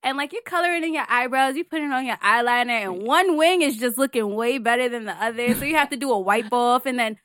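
A woman's voice: on the high side, fast, few pauses, fairly bright tone, no room sound, clean studio sound. A woman with a New York accent hosting a podcast, telling stories in a casual chat, laughing often and swearing freely. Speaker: podcast host.

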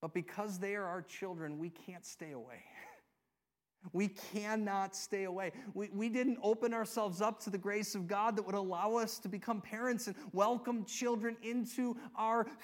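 A male pastor preaching a sermon, earnest, swinging between loud emphatic lines and soft hushed ones, often asking the congregation rhetorical questions. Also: high voice, fairly even intonation, normal speed.

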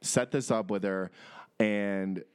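A young man co-hosting a podcast, telling stories in a profane, animated way during casual chat. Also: on the low side, takes it slowly, clean tone. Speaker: podcast co-host.

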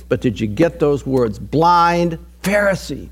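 A man with a high voice preaches a sermon in a chatty, down-to-earth way, repeating his words for effect. He swings from loud, emphatic peaks to low, hushed intensity. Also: expressive, a little slow, few pauses. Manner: conversational, folksy preaching with repetitions. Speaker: pastor.

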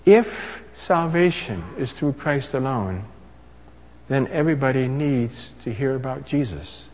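Male preacher, lively delivery, slightly husky voice, long hall reverb. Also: medium pitch, unhurried. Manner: animated, rising to emphatic crescendos. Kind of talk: sermon.

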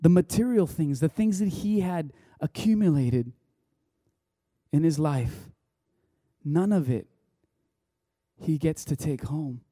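A man delivers a sermon as a rambling, conversational story, stopping and restarting his sentences. His voice sits a little high but sounds deeply mellow and warm. The recording is close and dry, with no room sound. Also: slow pace, pauses often, no echo. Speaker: pastor.

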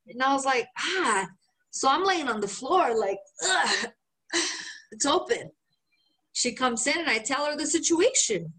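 At a normal speed and with a voice a little on the high side, this podcast co-host spins a story. Her chat is casual and full of swearing, and she gets animated, performing other people's lines as she goes.

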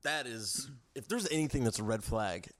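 A man in a casual podcast chat, who talks in short, nervous, flat complaints. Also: medium pitch, moderate pace.

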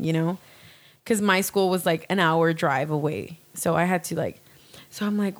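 Young woman, slightly low voice, candid rambling storyteller, casual talk. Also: fairly quick. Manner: candid, rambling, fillers and swearing. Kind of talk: casual chat.

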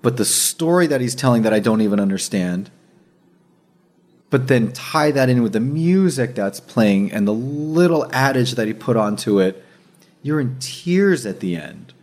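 A man hosting a casual chat, telling a story with energy, swearing and acting out what others said. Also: mid-range voice. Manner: animated, slangy storyteller who swears and says dude and bro; acts out others' words in quick asides.

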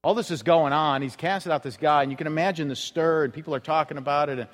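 A man's voice: fairly high pitch, quick pace. A male pastor giving a conversational sermon in a church, full of rhetorical questions and acted-out quotes. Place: church sanctuary. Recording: reverberant church hall.

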